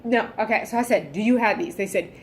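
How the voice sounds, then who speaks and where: A woman's voice: medium pitch, quick pace, a little hiss or hum. A woman venting in a casual vlog, exasperated and heavily profane, sighing often. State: fed up and irritable. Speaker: vlogger.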